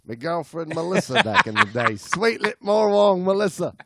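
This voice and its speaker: A man's voice: sits high, very animated, moderate pace, creaky, noisy background. A man co-hosting a podcast, reading a story aloud between laughs and joking with his co-host in put-on slang. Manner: jokey, laughs often, puts on Aussie slang.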